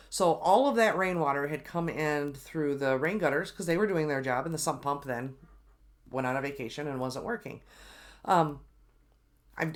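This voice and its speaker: Exasperated woman telling a story. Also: low-pitched. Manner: animated, exasperated retelling with lots of ums and restarts. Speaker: host. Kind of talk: casual storytelling monologue.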